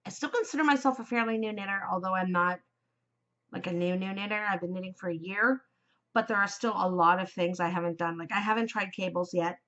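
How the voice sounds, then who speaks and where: A woman in her forties hosting a casual craft podcast, gushing and chatty and quick to laugh. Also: lowish voice, a bit bright, dull audio. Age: 40s. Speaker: podcast host. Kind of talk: casual chat.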